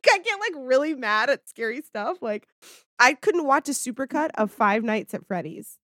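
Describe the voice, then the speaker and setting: A woman's voice: on the high side, moderate pace, dry recording, clean studio sound. A woman from Maryland, a podcast co-host in casual chat, telling stories with laughs and acted-out quotes. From Maryland, USA. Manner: animated storyteller, laughs often, acts out quotes. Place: home.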